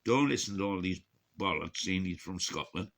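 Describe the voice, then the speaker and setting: A man's voice: sits low, animated, normal speed, gravelly, fairly bright tone. A man in his sixties talks in a rambling, casual vlog monologue, chuckling and cursing, his speech slightly unclear from missing teeth. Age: 60s. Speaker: vlogger.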